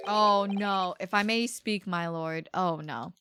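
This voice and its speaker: A woman's voice: medium pitch, slow, few pauses, bright, forceful tone, slight background noise. A woman streaming a video game, chatting playfully and talking with her mouth full. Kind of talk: casual gameplay commentary. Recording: background game music.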